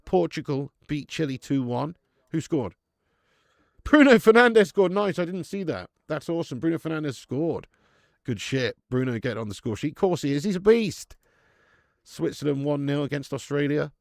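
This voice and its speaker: Man, young adult, gravelly, dry close sound, sweary, excitable football commentary. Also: fairly high pitch, normal speed, no echo. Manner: sweary, excitable, chatty with viewers. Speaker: football watch-along streamer. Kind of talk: live match commentary and casual chat.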